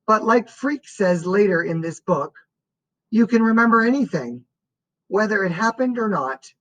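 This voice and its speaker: In a rough recording, an audiobook narrator with a mid-range female voice reads a first-person story aloud. Her delivery is slow and expressive.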